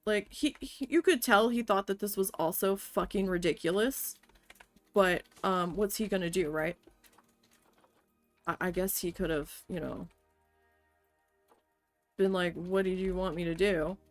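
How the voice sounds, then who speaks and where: A woman's voice: on the low side, measured pace, long pauses, faint music behind. A woman streamer telling a story in casual chat while she plays, blunt and swearing often. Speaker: game streamer.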